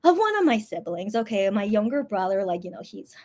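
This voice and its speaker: Young woman, casual livestream chat, animated and lively, many fillers and repeats. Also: medium pitch, brisk. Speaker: livestream host. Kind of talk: casual live-stream chat.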